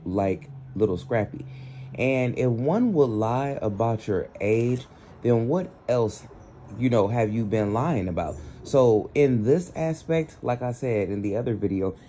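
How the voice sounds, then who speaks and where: A man gives casual commentary for his channel, speaking straight to viewers. His voice is very dark and mellow, and he fills his talk with "you know.". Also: fairly low pitch. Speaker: YouTube commentator.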